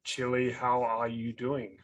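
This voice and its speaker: A man's voice: mid-range voice, completely flat delivery, slow pace, low-quality recording. Joking, bantering male podcast co-host. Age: adult parent. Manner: jokey, bantering, laughs easily. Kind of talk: casual podcast chat.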